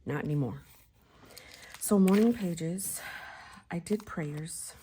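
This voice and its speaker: A woman's voice: on the low side, takes it slowly, slight background noise. A woman in her forties chatting casually and giggling as she sets up her planner, sometimes dropping to a whisper. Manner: giggly, chatty, often drops to a soft whisper. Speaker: planner vlogger. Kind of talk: casual chat while crafting.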